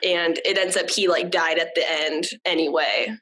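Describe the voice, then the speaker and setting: A woman's voice: lowish voice, steady tone, a bit bright, poor audio. A young woman guesting on a podcast, agreeing often and chatting casually. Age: young adult. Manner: agreeable listener, quick affirmations. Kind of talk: casual chat.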